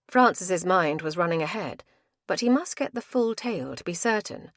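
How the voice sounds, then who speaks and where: A woman narrating an audiobook in a measured storytelling manner. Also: on the low side, expressive, no room sound, clean studio sound. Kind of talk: scripted narration.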